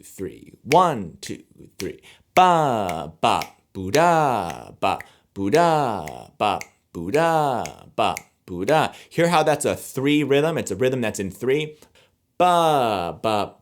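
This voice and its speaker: Man teaching rhythm, scat-singing beats. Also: medium pitch. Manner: scat-sings rhythms, counts aloud; relaxed, conversational explaining. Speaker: music teacher. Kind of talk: explaining rhythm to camera.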